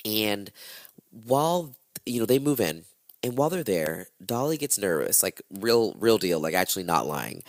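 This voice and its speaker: A man hosting a comedy true-crime podcast, retelling a case in an animated, profane, slang-heavy way with jokey asides. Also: low-pitched, gravelly, no room sound, clean studio sound. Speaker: podcast host.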